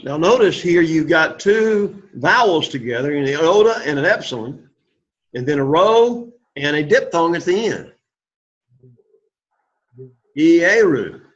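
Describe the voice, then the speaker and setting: A man teaching a Greek class, slowly and patiently saying each word several times. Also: on the high side, animated, a bit bright, muffled recording. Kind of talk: classroom lesson, repeating words.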